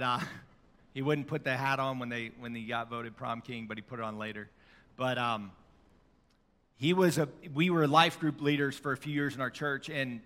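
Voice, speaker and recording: Bright-voiced middle-aged preacher in a hall. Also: male voice, a little high. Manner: conversational storytelling with fillers. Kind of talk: sermon.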